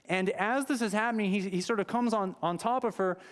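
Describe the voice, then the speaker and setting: High-voiced man preaching a story-driven sermon. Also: fairly quick. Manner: conversational storytelling, retelling scripture dramatically. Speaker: pastor. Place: church sanctuary.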